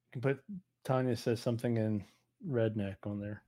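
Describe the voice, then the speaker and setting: A man hosting a podcast, easygoing and relaxed, with lots of "um" and quick agreement. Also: on the low side. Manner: easygoing, affirming, many ums. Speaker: podcast host. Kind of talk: casual chat.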